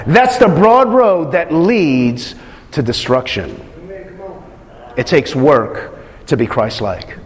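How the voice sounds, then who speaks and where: A man's voice: on the high side, lively intonation, slow pace, big-room sound, slight background noise. A man preaching a sermon, emphatic, repeating phrases and putting questions to his listeners.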